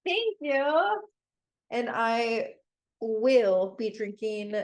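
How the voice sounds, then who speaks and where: A woman co-hosting a podcast in casual chat, gushing and excitable, often breaking into laughter. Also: mid-range voice, vocal fry. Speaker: podcast co-host.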